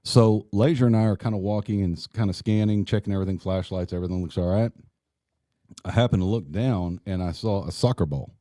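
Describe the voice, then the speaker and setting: A man's voice: low-pitched, fairly quick, warm tone, no room sound, clean studio sound. A middle-aged man, a retired police officer, telling a funny work story in casual chat and laughing as he goes.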